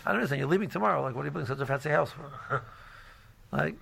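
A man's voice: fairly high pitch, lively intonation, very fast, creaky, long pauses, fairly bright tone, breathy edge. A man giving an informal religious lecture as a Torah class teacher, rambling with many "you know"s and restarts and mixing Hebrew and Yiddish terms into his English.

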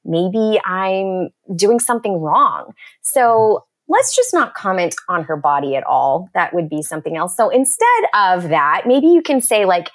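A woman doula talking as a podcast guest, enthusiastic and animated, acting out little quotes as she goes. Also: medium pitch, measured pace, hardly any pauses. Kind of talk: casual podcast chat.

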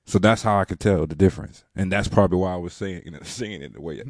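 Low-voiced man, halting and earnest. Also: darkish tone, dry recording. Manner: earnest, halting, repeats himself. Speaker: podcast co-host. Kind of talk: casual chat.

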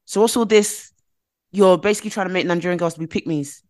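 A woman's voice: fairly low pitch, brisk, a little mellow. A woman, co-hosting a podcast in casual chat, blunt and opinionated, often restarting her phrases as she talks. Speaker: podcast co-host.

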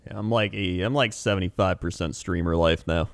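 Low-voiced laid-back young man gamer. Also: fairly quick, vocal fry, dry recording. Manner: laid-back, laughs often, imitates game voice lines. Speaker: gamer and streamer. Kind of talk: casual chat.

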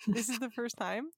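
Gravelly-voiced woman reading stories, laughing. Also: fairly high pitch, no room sound, clean studio sound. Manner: laughs often, swears, casual banter. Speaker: podcast co-host. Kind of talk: reading listener stories aloud and joking about them.

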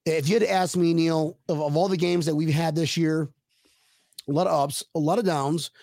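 A man's voice: on the high side, steady tone, moderate pace, darkish tone, no room sound, studio quality. A man co-hosting a casual sports podcast, rambling and joking, often repeating words as he starts his thoughts. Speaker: podcast co-host.

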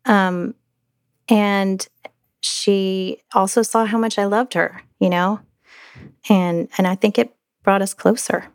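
A middle-aged woman telling a personal story as a mother in an interview, halting with many restarts and fillers. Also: mid-range voice, fairly even intonation, no room sound, studio quality.

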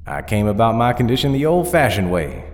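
A man's voice: fairly low pitch, very animated, brisk, big-room sound, voice pushed up. A man playing a courteous zombie cowboy singer. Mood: polite. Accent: Southern US. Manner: courteous, formal drawl. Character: undead male zombie country singer, polite.

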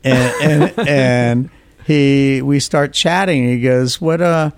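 Man telling animated anecdotes, dry sound. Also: mid-range voice, normal speed, no room sound. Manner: animated anecdotes, acts out quoted voices. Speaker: orthodontist guest. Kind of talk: storytelling in a podcast interview.

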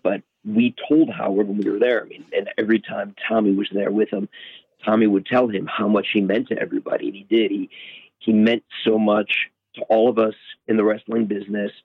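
A man calling in, reflecting hesitantly with many pauses and fillers, heard over a phone line. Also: lowish voice, level tone, gravelly, slightly rough, no echo. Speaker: guest on a call. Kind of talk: reflective remembrance.

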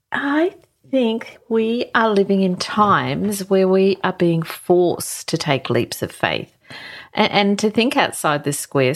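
A woman giving a gentle, reflective spiritual talk, unhurried, with thoughtful pauses and small restarts. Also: lowish voice. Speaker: spiritual guide reading a card.

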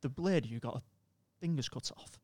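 A man's voice: medium pitch, moderate pace, dry recording, studio quality. A man with a British accent, a podcast co-host telling stories in casual chat, laughing often and acting out voices. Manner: animated storyteller, laughs often, acts out voices.

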